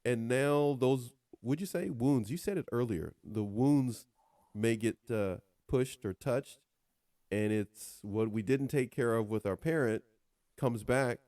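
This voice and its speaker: A man's voice: medium pitch, slow pace, dark tone, no echo, clean studio sound. A man hosting a conversational podcast, adding his own reflections to his guest's points.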